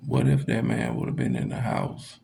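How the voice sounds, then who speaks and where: A man's voice: rumbling low, fairly even intonation, moderate pace, vocal fry, warm tone, a little hiss or hum. A young adult man telling a story in a casual, laid-back way, swearing freely and dropping "man" into nearly every sentence.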